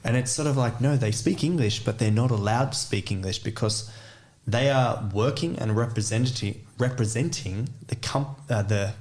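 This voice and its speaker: A man's voice: mid-range voice, moderate pace, few pauses, darkish tone. A man with an Australian accent chatting as a podcast guest, rambling and full of filler words. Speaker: guest, DJ and music producer. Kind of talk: casual podcast chat.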